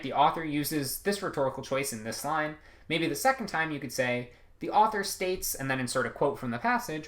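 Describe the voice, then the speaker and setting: A man's voice: fairly high pitch, fairly bright tone. Casual young male test prep tutor. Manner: casual, many ums and rights, restarts mid-sentence. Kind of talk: recorded online lesson.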